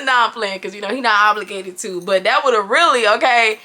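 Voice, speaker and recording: A woman in her twenties telling a storytime to the camera in animated, chatty, slangy style, recorded indoors on a camera mic. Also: mid-range voice, a little fast. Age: 20s. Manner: animated, chatty, talks straight to viewers with slang. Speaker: vlogger. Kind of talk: casual storytime chat.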